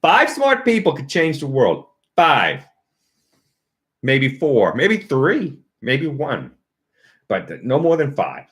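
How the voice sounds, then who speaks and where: Animated sarcastic man ranting. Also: medium pitch, slow. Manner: animated, sarcastic, laughs at his own points. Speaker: company commentator. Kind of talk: casual opinion monologue.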